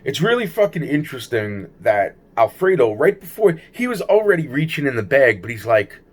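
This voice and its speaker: A man's voice: medium pitch, big pitch swings, normal speed. A man telling a rambling personal story to camera, agitated and heavily profane, often restarting his sentences. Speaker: vlogger recounting personal experiences.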